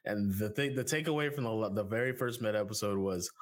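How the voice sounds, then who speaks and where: A man co-hosting a podcast in casual chat, joking and rambling through ad reads with big swings in pitch. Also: quick pace, few pauses. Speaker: podcast co-host.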